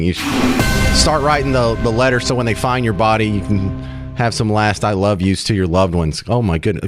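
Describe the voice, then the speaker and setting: A man's voice: mid-range voice, dry recording. A man hosting a talk radio show in a studio, chatting in an opinionated, joking way. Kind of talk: casual talk radio chat. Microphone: studio microphone.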